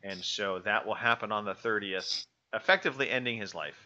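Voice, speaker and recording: Male podcast co-host, joking and loose, very bright tone. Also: fairly low pitch, a little fast, muffled recording. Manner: joking, loose, lots of fillers. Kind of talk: casual podcast chat.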